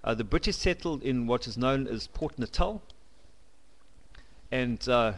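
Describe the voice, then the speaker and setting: A South African man giving a blunt, opinionated to-camera monologue into a home camcorder, halting as he goes. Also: mid-range voice, lively intonation. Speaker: vlogger.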